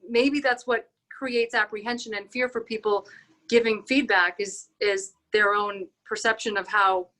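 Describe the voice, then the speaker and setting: Bright-voiced woman thinking aloud. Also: mid-range voice. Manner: reflective, thinks aloud with fillers. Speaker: podcast co-host. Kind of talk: conversational podcast discussion.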